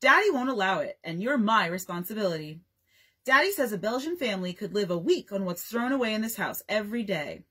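A woman's voice: mid-range voice, big pitch swings, a little fast, fairly bright tone, husky. A woman voicing a bossy young boy in a storybook, prim and officious.

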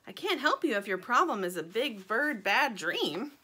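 A woman reading aloud, voicing a bossy, no-nonsense female chicken detective who speaks briskly and commandingly. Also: fairly high pitch, very animated, pushed and bright, husky, exaggerated voice.

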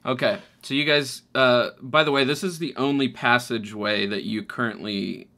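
A man's voice: mid-range voice, steady tone, moderate pace, pushed and bright. A man running a tabletop game as game master, describing scenes hesitantly with many fillers and restarts.

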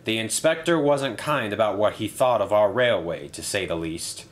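Man doing a quiet, worried railway boss. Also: on the low side, normal speed, lightly acted. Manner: quiet, reassuring. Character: worried middle-aged male railway boss.

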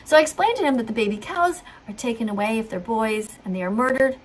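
A woman's voice: fairly high pitch, animated, fast talker, over a noisy crowd. A middle-aged woman earnestly telling a rambling story, acting out what others said. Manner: rambling, earnest, acts out quotes. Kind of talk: storytelling monologue.

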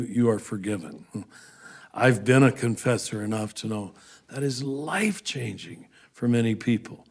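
Man, priest, earnest, talks theology in conversation, middle pitch. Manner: earnest, animated, breaks into soft laughs. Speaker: Franciscan priest and author, interview guest.

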